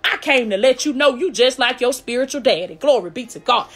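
A woman's voice: high-pitched, expressive, a little fast, husky. A woman preaching a fervent live-streamed sermon with a call-and-response cadence, repeating "glory be to God" between lines.

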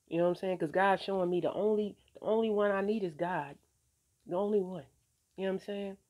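A woman with a lowish, mellow voice speaks briskly in a casual vlog centered on faith. Relaxed and streetwise, she drops casual swears, encourages those watching, and often says "you know what I'm saying."

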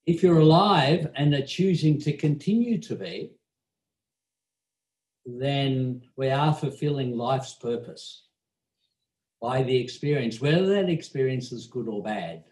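An Australian man, a meditation teacher, tells an anecdote in conversation, chuckling often and sprinkling in "you know." His medium-pitched voice is animated and a little mellow, moving at a slow pace with long pauses. The room is echoey.

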